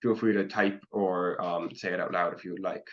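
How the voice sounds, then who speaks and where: A man's voice: sits low, steady tone, normal speed. A man teaching an online language class, explaining patiently step by step with frequent ums. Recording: dull lo-fi call audio.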